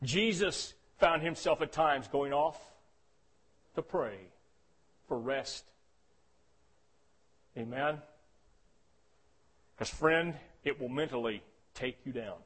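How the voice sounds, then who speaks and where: A man preaching with a high-pitched voice. He swings from hushed, low stretches to loud, shouted climaxes, calling "Amen?" to the congregation. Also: slow, pauses often, husky. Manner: calls for "Amen?" responses. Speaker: pastor. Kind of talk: sermon.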